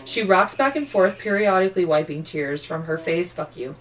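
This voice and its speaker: A woman's voice: fairly low pitch, animated, moderate pace, distant mic, low-quality recording. A sleepy woman co-hosting a true-crime podcast, narrating the case casually with swearing and jokes. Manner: profane, loose and joking while reading case notes. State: sleepy, yawning. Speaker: podcast co-host.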